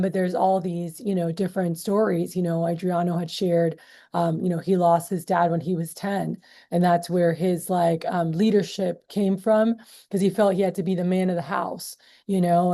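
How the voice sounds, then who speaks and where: Chatty woman, mellow voice, lots of fillers. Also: fairly low pitch. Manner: acts out quoted voices in storytelling. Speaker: meeting leader. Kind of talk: casual talk to a group.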